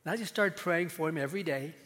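A male pastor tells a story from the pulpit in a fairly high voice, conversational and unhurried, dropping into quiet asides now and then. A long reverb from a large hall trails each phrase. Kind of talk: storytelling sermon.

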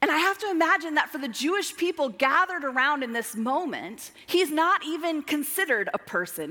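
A woman preaching a sermon, dramatic, moving between emphatic lines and hushed asides. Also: high-pitched, expressive, normal speed, few pauses. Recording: long hall reverb.

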